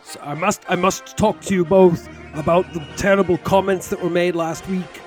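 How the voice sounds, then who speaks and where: A man doing a pompous old British gentleman. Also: sits high, fairly even intonation, normal speed, soft background music, close to an everyday voice. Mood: solemn, disapproving. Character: impression of an elderly British actor, pompous and solemn.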